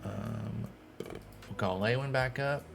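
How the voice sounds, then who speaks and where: A young man giving casual gameplay commentary as a streamer, thinking aloud and breaking into sudden excited outbursts. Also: mid-range voice, slow pace, creaky, music in the background. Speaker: streamer playing a baseball management game.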